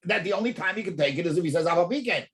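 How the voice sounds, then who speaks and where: A man teaching an in-depth Talmud class, animated, often repeating words as he thinks and asking rhetorical questions. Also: high voice, racing.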